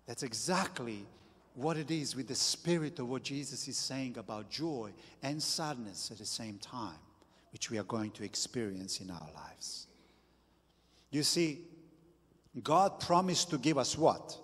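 A man preaching a sermon as pastor, slow and deliberate with emphatic bursts. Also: mid-range voice, lively intonation, fairly bright tone, husky, big-room sound.

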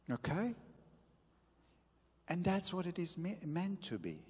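Pastor, male: husky voice, slightly high, unhurried sermon delivery with sudden emphasis, reverberant hall. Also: big pitch swings, a bit bright. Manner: slow and deliberate, with emphatic bursts.

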